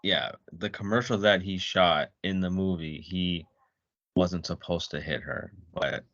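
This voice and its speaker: A man's voice: deep voice, measured pace, fairly bright tone, no echo, highs cut off. A man co-hosting a podcast, chiming in casually about a film in a blunt, profane way. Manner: short agreeing interjections, blunt and profane. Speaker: podcast co-host. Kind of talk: casual movie discussion.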